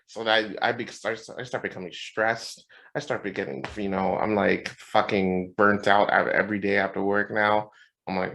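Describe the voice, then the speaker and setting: A man co-hosting a podcast, telling a story in a casual, animated and profane way. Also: lowish voice, moderate pace. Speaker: podcast co-host. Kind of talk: casual chat.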